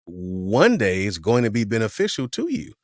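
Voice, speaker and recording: A man's voice: on the low side, wildly swooping pitch, normal speed, a little mellow, dry recording, clean studio sound. A man hosting a podcast, asking a long question hesitantly while searching for words. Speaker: podcast host. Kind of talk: interview questions. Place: podcast studio.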